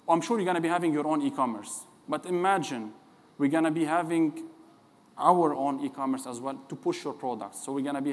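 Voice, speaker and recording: A man presenting his startup's plans in a casual, upbeat pitch. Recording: long hall reverb.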